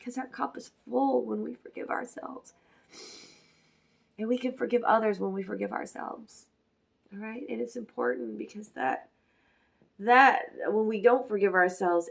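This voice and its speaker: A woman in her forties giving a rambling, emotional spiritual card reading, soft-spoken with sighs and brief whispers. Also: fairly high pitch, vocal fry, slightly rough. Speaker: oracle card reader.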